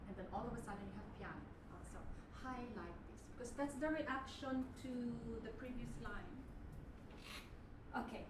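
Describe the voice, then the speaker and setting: A woman's voice: fairly high pitch, normal speed. A woman voice teacher leading a masterclass, coaching patiently and singing short phrases to show the way. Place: performance hall. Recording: roomy hall, mic far off, piano.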